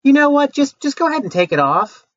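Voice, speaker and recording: A man's voice: extremely high pitch, dry recording, dull audio, heavily acted. Man playing a curt, condescending interviewer. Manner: brisk, condescending, deadpan. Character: rude corporate interviewer. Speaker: job interviewer. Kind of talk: comedy sketch.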